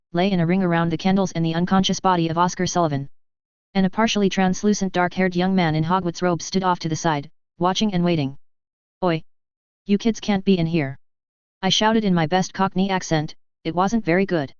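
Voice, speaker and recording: Woman, first-person audiobook narration, wry, very smooth clear voice, dry close mic, dull lo-fi sound. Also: lowish voice, no echo. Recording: dull lo-fi recording.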